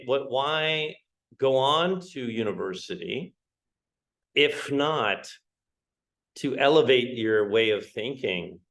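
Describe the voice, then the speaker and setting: A man teaches English in a live-streamed online lesson, his medium-pitched voice a bit bright on a low-quality recording. He keeps things conversational, greets viewers by name as they join, and keeps asking "right?".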